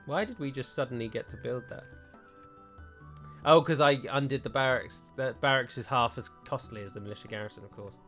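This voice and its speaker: A man's voice: mid-range voice, brisk, fairly bright tone, faint music behind. A man playing a strategy game and commenting as he goes, chatty and thinking aloud with frequent digressions. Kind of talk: let's play commentary.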